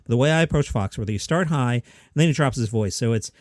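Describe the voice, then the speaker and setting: A man hosting a comedy news podcast with a lively, swooping delivery. He talks quickly and mocks himself, in a mid-pitched voice with a dry, close sound. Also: dry recording. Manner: quick, chatty and self-mocking. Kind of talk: casual comedy news commentary.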